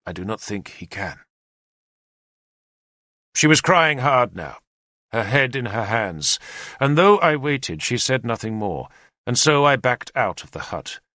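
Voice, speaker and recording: A man narrating a historical novel in first person, measured and expressive. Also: mid-range voice, no echo, studio quality. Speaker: audiobook narrator.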